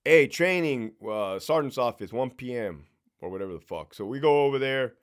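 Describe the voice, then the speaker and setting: A middle-aged man spins blunt, profanity-laced stories from his prison days, and his pitch rises and falls with lively swings. His delivery is casual, direct and animated. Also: normal speed, clean tone. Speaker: former prison sergeant telling stories. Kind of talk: casual storytelling monologue.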